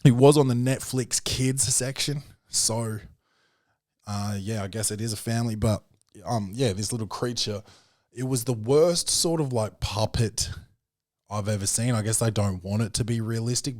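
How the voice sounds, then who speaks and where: On his solo podcast, a young Australian host chats about films in a lowish, slightly mellow voice, rambling and swearing with lots of fillers and restarts. He voices other people's lines with abrupt high jumps. The audio is close and dry, without any room sound.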